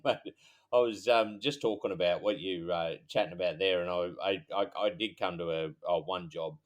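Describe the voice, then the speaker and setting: A man co-hosting a podcast, chatting in a relaxed, casual way. His voice sits very low, and he talks hesitantly, stopping and restarting often. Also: normal speed. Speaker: podcast co-host. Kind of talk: casual chat.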